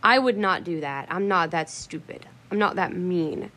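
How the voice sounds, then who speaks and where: A woman's voice: lowish voice, moderate pace, bright, forceful tone. Blunt, foul-mouthed woman ranting casually. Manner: blunt, swears freely, laughs hard. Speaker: vlogger. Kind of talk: casual rambling chat.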